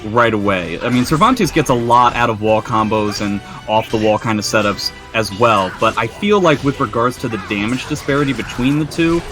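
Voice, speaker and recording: A man's voice: medium pitch, moderate pace, few pauses. A young man giving analytical play-by-play commentary on a fighting game match, with self-mocking banter. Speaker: esports commentator. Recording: faint music underneath.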